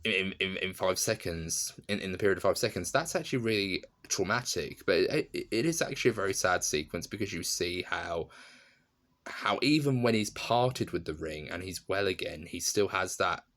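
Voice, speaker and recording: A man's voice: low-pitched, expressive, moderate pace, fairly bright tone. A young adult man, giving a casual spoken film review, enthusiastic and rambling, with frequent restarts and laughs.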